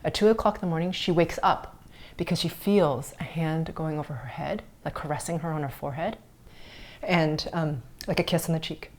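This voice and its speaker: Low-voiced woman telling a spiritual story. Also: normal speed. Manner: earnest, drops to soft whispers at tender moments. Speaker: podcast host. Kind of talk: personal storytelling on a spiritual podcast.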